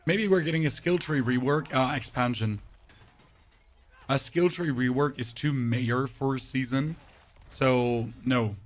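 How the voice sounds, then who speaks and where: A hoarse-voiced man chats casually with his stream audience while playing. His voice is worn nearly away and sits at an ordinary, mid-range pitch. He speaks in a flat, unemphatic monotone. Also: measured pace. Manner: talks to chat with frequent "right?". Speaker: game streamer.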